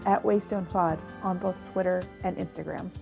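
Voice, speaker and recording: A woman's voice: lowish voice, fairly even intonation, normal speed, vocal fry, music in the background. A woman co-hosting a podcast in casual chat, laughing often. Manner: giggly, laughs a lot. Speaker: podcast co-host.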